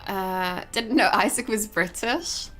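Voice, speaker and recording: A woman's voice: mid-range voice, takes it slowly, bright, forceful tone. A young woman streaming live, chatting casually and rambling, with frequent giggles and casual swearing. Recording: faint game music behind.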